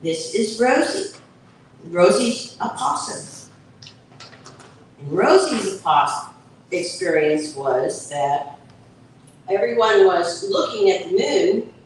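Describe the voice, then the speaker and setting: Slow woman reading a picture book aloud. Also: mid-range voice, a little hiss or hum. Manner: slow, explanatory storytelling with asides. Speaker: author reading her book. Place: event hall at a book fair. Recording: echoey event hall from far off.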